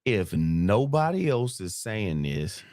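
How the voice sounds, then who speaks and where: Low-voiced guy guesting on a gaming podcast, dry close mic, deadpan jokes. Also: takes it slowly, no echo. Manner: deadpan sarcasm, playful. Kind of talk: casual gaming podcast chat.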